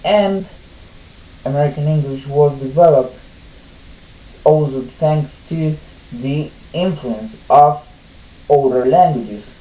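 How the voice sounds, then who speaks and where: A speaker with a Colombian Spanish accent, a native Spanish speaker, giving a slow, careful class presentation. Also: mid-range voice, dark tone, reverberant, poor audio. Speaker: student presenter.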